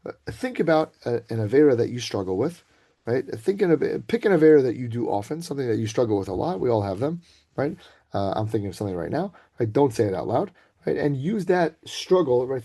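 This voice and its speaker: A man giving an informal Torah talk to students over a video call, chatty and conversational, often checking in with a quick "right?". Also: medium pitch, mellow. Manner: casual, conversational, keeps asking "right?".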